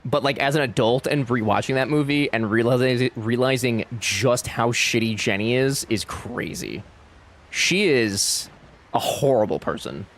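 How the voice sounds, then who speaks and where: A man's voice: mid-range voice, measured pace. A young man streaming a game live, chatting casually and animatedly with his chat and friends, swearing freely.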